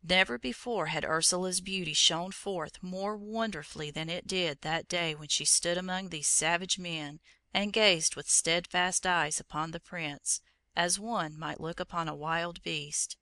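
A narrator reading a storybook chapter aloud in a measured, even storytelling manner. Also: mid-range voice, no room sound.

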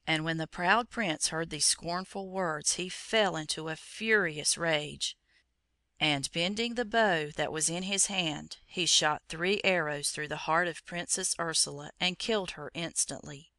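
A narrator reading a storybook chapter aloud in a measured, even storytelling manner. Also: medium pitch, dry recording.

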